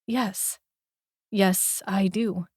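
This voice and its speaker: A woman voicing a defiant, sharp-tongued young woman in an audiobook, delivering biting, sarcastic retorts. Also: mid-range voice, fairly even intonation, drawn-out words, breathy edge, no room sound, studio quality. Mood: hurt, quiet. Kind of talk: audiobook character voice.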